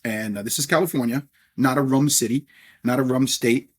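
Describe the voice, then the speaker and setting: A man's voice: medium pitch, a little fast, breathy edge. A middle-aged man, a podcast guest, telling stories in a chatty, anecdotal way and often adding "if you will". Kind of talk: casual storytelling interview.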